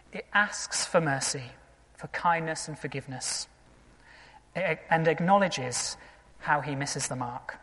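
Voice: mid-range voice, fairly bright tone. Earnest preacher in a reverberant church. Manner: earnest, conversational preaching with rhetorical questions. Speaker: pastor. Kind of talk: sermon.

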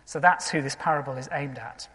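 Pastor delivering a sermon: earnest and conversational, mid-pitched, tosses rhetorical questions at the congregation, long church reverb. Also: brisk, fairly bright tone.

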